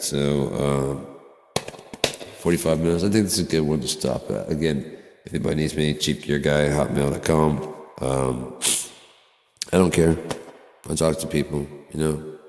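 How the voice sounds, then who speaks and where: A very deep, gravelly man rambles through a profane, sardonic vlog monologue. His words ring out in a room with a long, echoing tail. He jumps between topics and swears freely. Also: darkish tone. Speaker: vlogger. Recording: echoey room with long reverb.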